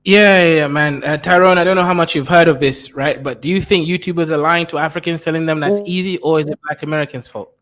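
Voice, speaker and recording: A man reacting to a video in casual commentary, animated and jokey. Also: fast, hardly any pauses. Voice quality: animated and jokey, with swings in pitch. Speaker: reaction streamer.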